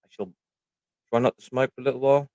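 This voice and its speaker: A man's voice: mid-range voice, steady tone, fast talker, darkish tone, dry recording. A middle-aged man with a British accent, chatting casually on a livestream, rambling and swearing freely. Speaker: livestream host.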